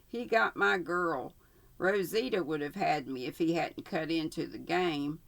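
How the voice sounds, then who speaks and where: Storybook outlaw, young man, icy and soft-spoken, mild drawl; woman narrator voicing him, slow. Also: low voice, vocal fry. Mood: grim.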